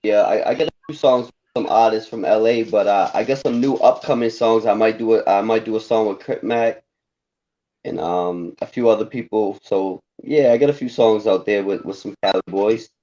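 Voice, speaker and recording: A laid-back man, guesting as a rapper and answering in short, supportive lines. His voice is mellow and warm, heard through a dull, lo-fi stream feed. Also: on the low side, moderate pace. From Boston, Massachusetts. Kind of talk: casual interview chat.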